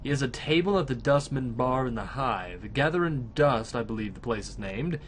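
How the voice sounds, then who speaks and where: A man voicing a worried, fearful middle-aged wife in a put-on Irish accent, talking in a hushed, pleading way. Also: medium pitch, animated, moderate pace, slight background noise, close to an everyday voice.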